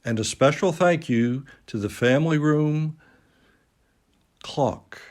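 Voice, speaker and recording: A man's voice: on the high side, slow pace, a little mellow. A man reading a classic story aloud at a dining table at home, recorded on a phone, with dry self-mocking humor. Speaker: reader. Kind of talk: slow storybook narration.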